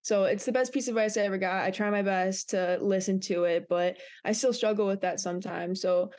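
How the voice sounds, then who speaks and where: A woman's voice: medium pitch, a little fast. A young woman co-hosting a sports podcast, speaking in an earnest, reflective way. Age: young adult. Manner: earnest, reflective, animated when recounting. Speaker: podcast co-host. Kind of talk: casual podcast chat.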